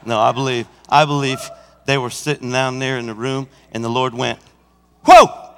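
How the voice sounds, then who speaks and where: A senior pastor preaching a sermon, swinging from hushed, intimate passages to shouted climaxes, sometimes singing and acting out scenes. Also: male voice, medium pitch, level tone, fairly quick, clear, resonant tone, in a large hall. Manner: breaks into song and acts out scenes. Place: church sanctuary.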